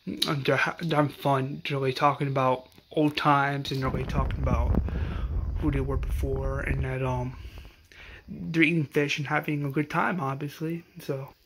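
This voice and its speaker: A man at a middling pitch recaps a show in a loose, casual way. He rambles through the retelling and stumbles over fillers and restarts as he goes. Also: fairly bright tone, poor audio. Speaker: recap host.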